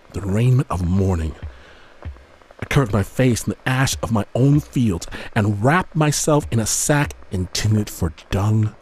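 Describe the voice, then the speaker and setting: Solemn, slow-paced male storyteller. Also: on the low side, darkish tone. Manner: grave, measured, solemn. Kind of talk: dramatic first-person narration.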